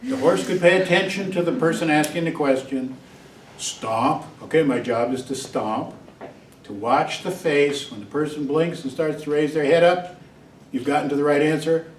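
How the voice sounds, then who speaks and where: A man's voice: mid-range voice, slight background noise. Distant joking man lecturing in an echoey hall. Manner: digressive and joking, acts out examples with barks and voices. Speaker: psychology lecturer. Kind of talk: university lecture.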